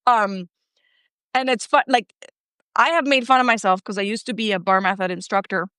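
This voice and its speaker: A middle-aged woman from Colombia with a Colombian Spanish accent, talking in a chatty, animated way with many fillers. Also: mid-range voice, normal speed, clear, resonant tone, no echo, clean studio sound. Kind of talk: casual conversation.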